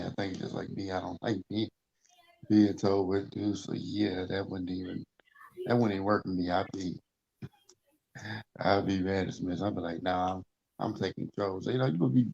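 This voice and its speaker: A man's voice: low-pitched, steady tone, brisk, vocal fry, darkish tone, breathy edge. A man chatting casually in a laid-back way, restarting his thoughts as he goes. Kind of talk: casual chat. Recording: dull lo-fi sound.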